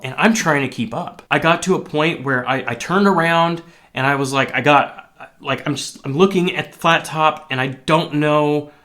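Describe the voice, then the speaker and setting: A man's voice: a little high, a bit bright. A man who works as a line cook, telling a personal story in a candid, rambling way with plenty of swearing. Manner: candid, profane, rambling with restarts.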